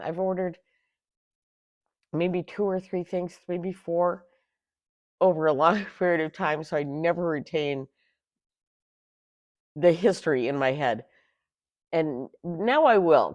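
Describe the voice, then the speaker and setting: A middle-aged woman hosting a tarot channel, ranting casually in an exasperated, animated way with sarcastic asides. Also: lowish voice, no echo. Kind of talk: casual rant.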